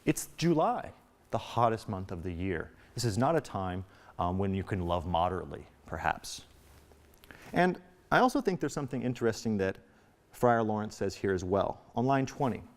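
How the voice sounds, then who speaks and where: A man teaching a recorded literature lesson in a chatty, lively way. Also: normal speed. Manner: reads quotes aloud in a high put-on voice.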